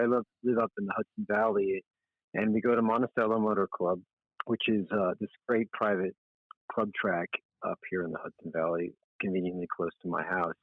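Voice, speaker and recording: A man's voice: on the low side, steady tone, a little fast, no room sound. A middle-aged man, a magazine editor, chatting casually as a guest in a podcast interview, rambling and self-deprecating. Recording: tinny phone-like line, dry.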